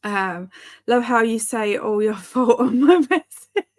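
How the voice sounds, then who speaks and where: Woman, thirties, unhurried, slightly high voice, giggly, chatty livestream host reading comments. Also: animated. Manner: giggly, chatty, reads chat aloud. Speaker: booktube streamer hosting reading sprints. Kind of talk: casual live-stream chat reading comments.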